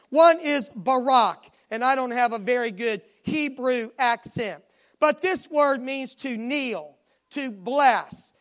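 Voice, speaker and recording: A woman preacher delivers a sermon in a high voice, taking her time over each phrase. She is emphatic and circles back to repeated refrains. The setting is a midweek church service.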